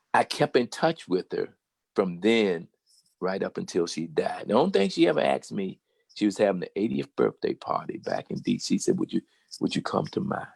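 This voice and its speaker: An older man with a Southern American accent telling a personal story in a casual, animated way and acting out the voices of the people he quotes. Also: on the low side, vocal fry, slightly rough, no room sound. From Virginia. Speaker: guest storyteller.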